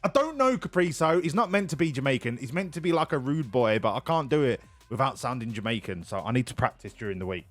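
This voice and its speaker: A man's voice: medium pitch, animated, fast talker, few pauses, faint music behind. A man casually commentating a game on a live stream, joking, swearing and laughing often. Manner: jokey, profane, laughs often.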